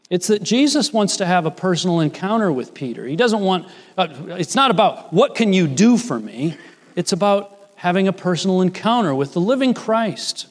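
A man preaching a sermon in an earnest, explanatory way, often quoting scripture with rising emphasis. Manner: earnest, rises in pitch when quoting Jesus and Peter. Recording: long hall reverb.

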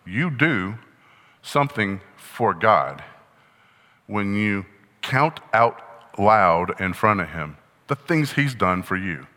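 A man's voice: fairly low pitch, big pitch swings, takes it slowly, sharp tone, long reverb tail. A man preaching a conversational teaching sermon, often asking the congregation questions as he explains the text. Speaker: pastor.

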